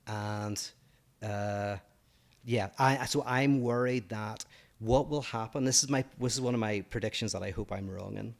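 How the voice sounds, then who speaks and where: A man with a low voice talks through ideas on a podcast. He hesitates often and fills the gaps with soft fillers as he works out each thought. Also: a little slow, gravelly. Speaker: podcast co-host. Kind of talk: casual discussion of politics and philosophy.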